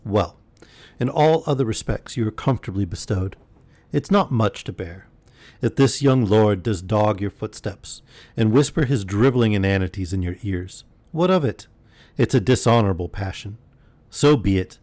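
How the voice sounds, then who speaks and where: A man's voice: fairly low pitch, lively intonation, moderate pace, a little mellow, no room sound, natural voice. A man reading aloud and voicing a cold, scheming older moneylender, cool and dismissive.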